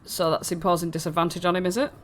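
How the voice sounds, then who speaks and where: A woman's voice: lowish voice, little pitch movement, very fast, a little hiss or hum. A woman running a tabletop fantasy game, narrating in a chatty way with many fillers and restarts. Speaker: dungeon master.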